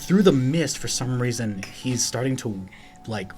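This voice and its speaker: A man's voice: medium pitch, lively intonation, unhurried, over loud music. A young man narrating as game master, casual and rambling, laughing as he goes.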